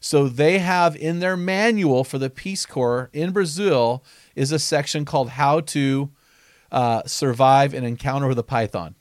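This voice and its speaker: A man speaks at a middle pitch in an earnest, conversational podcast manner, teaching through stories. He reads quotes aloud and often repeats words as he restarts a thought. The recording is dry and close, with no room echo. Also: unhurried. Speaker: author and podcast host.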